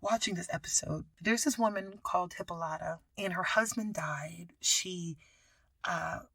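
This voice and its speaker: A woman hosting a podcast, telling a story in a casual, animated way and often dropping into whispers. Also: lowish voice, a little slow, creaky, husky, dry recording. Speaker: podcast host.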